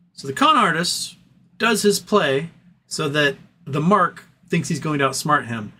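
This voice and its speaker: A man hosts a casual livestream in a rambling, playful way, reading out viewer comments and breaking into sing-song talk with his dog. His voice sits somewhat high for a man, and faint noise hums behind him. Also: pushed and bright. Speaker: livestream host.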